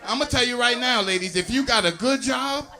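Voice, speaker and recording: A man performing a stand-up comedy set, working the crowd in an animated, chatty way. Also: very high voice, fairly quick. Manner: animated, crowd-working, frequent "you know what I'm saying". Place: live comedy venue with audience. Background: audience laughter.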